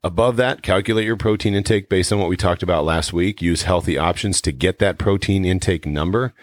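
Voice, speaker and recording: Deep-voiced earnest podcast host man. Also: no echo, clean studio sound. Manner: earnest, measured explaining. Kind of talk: casual podcast chat.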